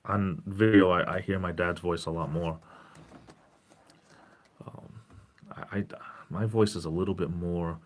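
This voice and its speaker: Man in his forties, very low voice, gentle caring tone, rambling live stream chat. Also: steady tone, normal speed, long pauses. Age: 40s. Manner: rambling, self-interrupting, greets chat viewers.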